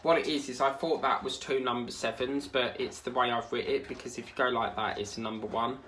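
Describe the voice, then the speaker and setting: A man's voice: medium pitch, steady tone, fairly quick, fairly bright tone, a little hiss or hum. Rambling chatty man. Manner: rambling, chatty, easily sidetracked. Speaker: crafting vlogger. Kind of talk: casual chat while crafting.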